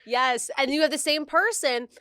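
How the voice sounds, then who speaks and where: A woman's voice: sits high, normal speed, sharp tone, no echo, clean studio sound. Bubbly woman chatting with lots of "like". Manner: bubbly, self-deprecating, lots of "like". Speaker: interview host. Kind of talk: casual chat. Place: home.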